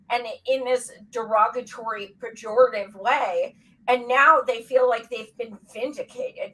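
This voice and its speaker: A woman's voice: a little high, steady tone, measured pace, a bit bright, distant mic, low-quality recording. A woman co-hosting a casual political chat, blunt and heated, who swears a lot. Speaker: co-host.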